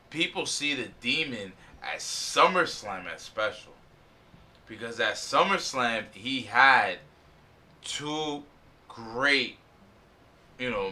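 A man's voice: medium pitch, pushed and bright. A man hosting a casual wrestling podcast, opinionated and emphatic, swearing often. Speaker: podcast host.

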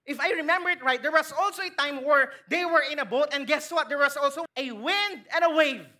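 High bright Filipino woman preaching. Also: fairly quick. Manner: lively, questioning the congregation, acting out quotes. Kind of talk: sermon.

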